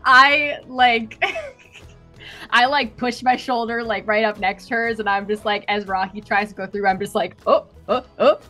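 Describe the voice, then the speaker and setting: Giggly higher-voiced woman player. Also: steady tone, unhurried, pushed and bright, soft background music. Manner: giggly, playful. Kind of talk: playing a tabletop game.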